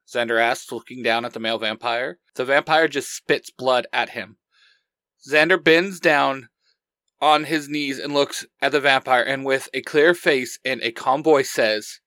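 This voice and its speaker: A man narrating his own fan fiction story with plain, steady reading. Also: medium pitch, moderate pace, no room sound.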